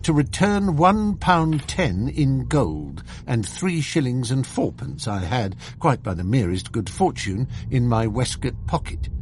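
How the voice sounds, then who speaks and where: A man narrating an audiobook in an expressive, measured storytelling manner. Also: mid-range voice, a little hiss or hum.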